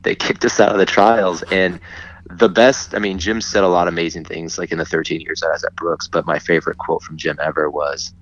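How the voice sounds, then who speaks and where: A man telling a story in casual chat, animated and often laughing as he acts out what others said. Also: sits low, fairly quick. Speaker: guest. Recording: dull lo-fi sound.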